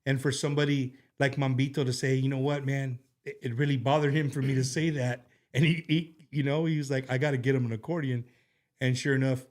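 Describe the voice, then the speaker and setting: In a studio, a male show host chats casually on a talk show, his voice resting in an ordinary middle register. He rambles in a warm, heartfelt way, looping back with fillers and false starts.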